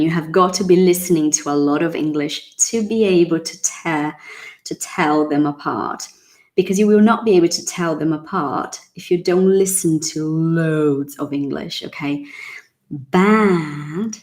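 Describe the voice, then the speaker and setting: A woman gives a casual English lesson in a somewhat low voice. She talks slowly and chats as she goes. She repeats single words several times so learners can copy them. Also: a little mellow. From Brazil. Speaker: English teacher.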